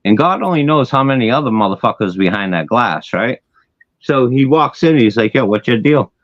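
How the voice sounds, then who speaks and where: A man's voice: mid-range voice, normal speed, no echo, muffled recording. A man telling a long personal story in casual, profane chat, acting out the voices of others, with an occasional stutter. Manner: profane, animated, acts out dialogue, occasional stutter. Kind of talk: casual storytelling on a live stream.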